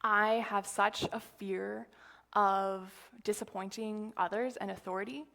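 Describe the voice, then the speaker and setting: At church, a woman shares a message as an informal sermon, chatty and rambling, full of fillers and asides. Her medium-pitched voice is unhurried and fairly even, with vocal fry. When quoting others, she drops to a hushed whisper.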